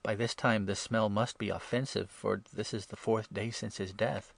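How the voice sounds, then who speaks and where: A man's voice: lowish voice, fairly even intonation, normal speed, vocal fry, no echo. A man voicing Martha, a grieving, faithful woman, in an earnest, pleading tone.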